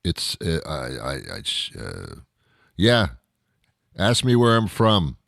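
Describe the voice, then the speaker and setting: A man's voice: sits low, sing-song, slow pace, gravelly, a bit bright, no room sound, clean studio sound. A middle-aged man from Canada hosting a talk show, ranting in disbelief and mocking people with imitations. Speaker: radio show host. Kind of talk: solo talk show monologue.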